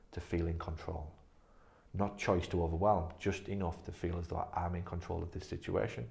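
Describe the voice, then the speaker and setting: A man's voice: sits low, vocal fry, mellow. A man leading a staff training session, blunt and emphatic, swearing freely. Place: physio clinic room.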